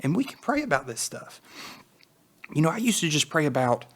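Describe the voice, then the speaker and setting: A man's voice: a little high, big pitch swings, brisk. A man co-hosting a Bible teaching podcast, talking in an earnest, exhorting way that rises to emphatic peaks.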